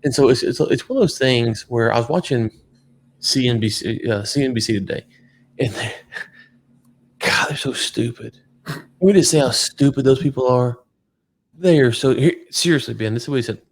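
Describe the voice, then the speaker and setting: A man's voice: medium pitch, brisk. Ranting, sarcastic man. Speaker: podcast co-host. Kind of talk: casual political chat.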